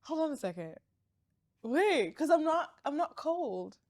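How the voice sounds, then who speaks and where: A young woman from Africa hosting her own podcast, talking casually and openly to camera, swinging from loud excitement to quiet earnestness. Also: sits high, a little slow, no room sound, clean studio sound. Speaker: podcast host. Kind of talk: casual confessional talk to camera. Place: outdoor balcony.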